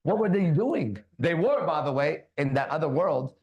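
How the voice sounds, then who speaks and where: A man hosting a casual talk show, animated, preachy and swearing freely. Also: on the high side, normal speed, few pauses. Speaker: podcast host. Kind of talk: casual chat.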